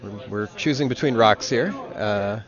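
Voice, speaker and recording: A man's voice: lowish voice, a little slow. A man giving casual, dry-humored commentary on a club curling match. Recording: dull audio with crowd behind.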